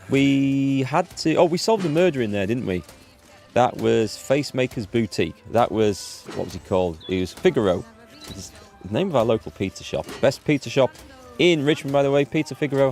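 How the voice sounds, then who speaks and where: A man's voice: medium pitch, brisk, a little mellow, soft background music. A man from northeast England streaming a video game, chatty and self-deprecating as he thinks aloud. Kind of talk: casual live-stream commentary.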